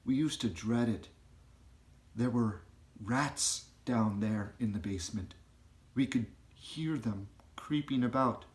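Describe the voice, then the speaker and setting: A man's voice: medium pitch, takes it slowly, close to an everyday voice. A man voicing a young orphan girl in a plain, matter-of-fact way, close to his own voice.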